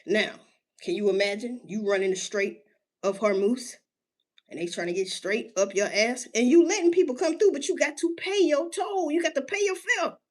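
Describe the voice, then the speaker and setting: Speaking on her own to an audience, a woman goes on a casual rant in street slang, swearing freely. Rhetorical questions come rapid-fire, with stretched-out emphasis and abrupt pitch jumps.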